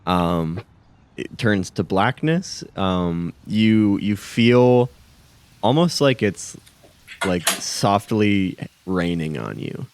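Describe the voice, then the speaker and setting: A man runs a tabletop game as its game master, talking slowly through the scene. His voice sits somewhat low, and he halts often with ums and restarts as he describes what the players see. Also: expressive, a little hiss or hum. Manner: halting, lots of ums and restarts.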